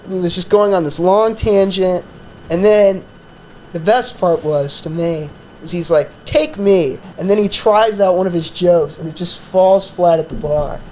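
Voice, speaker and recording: A man's voice: high-pitched, a little slow, darkish tone, a little hiss or hum, poor audio. A man who hosts a comedy podcast, telling a profane, rambling story in a casual chat full of fillers.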